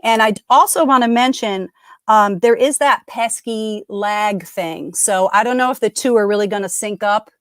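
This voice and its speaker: A middle-aged woman hosts a live trivia stream in a mid-range voice at moderate pace, recorded dry at studio quality. Her chat is casual and upbeat, with frequent self-interruptions mid-sentence.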